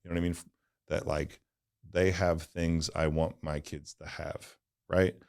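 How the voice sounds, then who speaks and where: With a rumbling low, darkish voice that barely shifts in pitch, he speaks unhurriedly and with vocal fry. The speaker, a donut shop owner from the St. Louis area, rambles earnestly through personal tales on a casual interview podcast, saying "like" and "right?" a lot.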